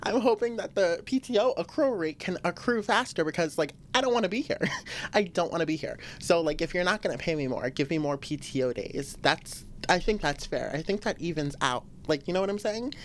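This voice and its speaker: A woman's voice: a little fast, a little hiss or hum. A young woman hosting a casual solo podcast, venting animatedly with frequent laughs. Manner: animated, venting, laughs often, swings to high exclamations. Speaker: podcast host.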